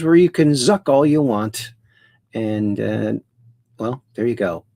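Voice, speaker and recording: A man's voice: fairly low pitch, expressive, slow pace, mellow, dry recording. A man hosting a casual livestream, rambling playfully, greeting chat viewers by name and making puns. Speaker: livestream host.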